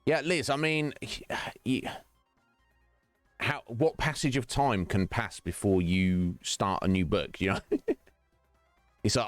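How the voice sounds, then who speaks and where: A man's voice: lowish voice, slow, long pauses, no room sound, soft background music. A male streamer chatting casually with viewers during a game stream, rambling and teasing, laughing often.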